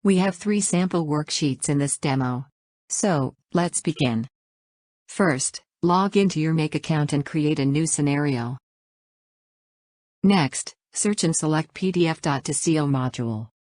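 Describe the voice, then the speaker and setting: A woman narrating a scripted software tutorial, reading each step in an even, instructional way and spelling out acronyms letter by letter. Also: low-pitched, measured pace, no echo, clean studio sound.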